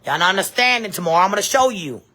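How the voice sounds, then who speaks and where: A woman, telling a story in a blunt, profane, animated vlog rant. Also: mid-range voice, very fast. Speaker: vlogger.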